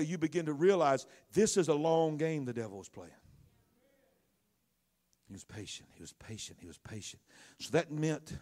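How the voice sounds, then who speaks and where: A man, a pastor, delivering a sermon that builds to loud, fervent preaching. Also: a little high.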